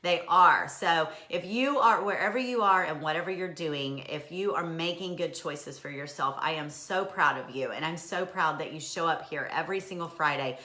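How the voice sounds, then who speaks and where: Bright-voiced encouraging woman host. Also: low voice, normal speed, hardly any pauses, reverberant. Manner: encouraging, answers viewer comments by name; emotional, laughs often. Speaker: host of a weekly live stream. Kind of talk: casual live-stream chat to viewers.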